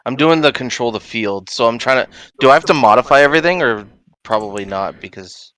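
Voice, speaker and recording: A man's voice: medium pitch, lively intonation, brisk, a bit bright, smooth, no echo. A man playing in a tabletop game who is unsure of the rules and talks himself through them. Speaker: player. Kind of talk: casual game chat.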